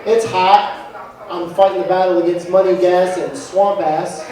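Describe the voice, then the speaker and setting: A man's voice: high voice, steady tone, normal speed, dark tone. A young man doing a profane, self-mocking stand-up comedy set into a handheld microphone. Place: comedy venue in front of a live audience. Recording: echoey room taped from far off, with crowd. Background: audience laughter and heckling.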